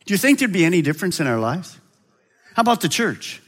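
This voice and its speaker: A man preaching a sermon as pastor of a large church, with a dramatic delivery that swings from loud high calls to quiet, low drops. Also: sing-song, fast.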